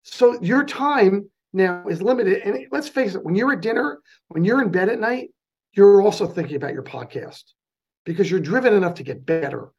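A fast-talking man with a clear New Jersey accent, speaking as an interview guest. His voice is gravelly and slightly husky, and he runs his sentences together with lively energy. He sounds like he is on a remote interview mic. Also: high-pitched, highs cut off. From North New Jersey. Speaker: guest, charity president. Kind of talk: casual interview.

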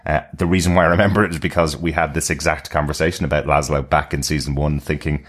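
A man's voice: very deep voice, little pitch movement, fast, fairly bright tone. A man co-hosting a podcast, chatting casually and musing over theories. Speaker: podcast co-host.

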